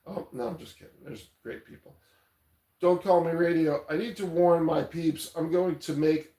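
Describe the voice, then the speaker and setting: A man's voice: on the high side, dark tone. Rambling man streaming in an echoey room. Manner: rambling, loose, reads chat aloud, swears casually. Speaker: livestream host. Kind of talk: casual livestream chat. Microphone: tablet mic.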